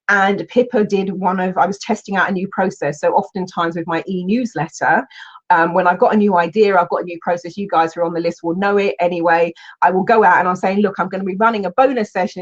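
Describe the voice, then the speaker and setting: A woman, a coach telling stories in an animated way, with exclamations and restarts. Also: medium pitch, lo-fi sound. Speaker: coach and Huna teacher. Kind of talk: storytelling in a recorded online session.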